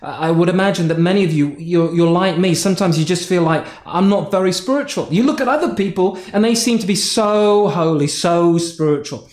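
A man's voice: high voice, fairly quick, few pauses, a little mellow, roomy sound. A man from North Yorkshire preaching a sermon, telling a personal story and acting out his own frustrated prayers. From North Yorkshire, England. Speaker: pastor.

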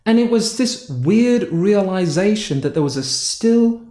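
A man's voice: high voice, animated, a little slow, mellow, reverberant. A man from North Yorkshire preaching a sermon, telling a personal story and acting out his own frustrated prayers. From North Yorkshire, England. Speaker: pastor.

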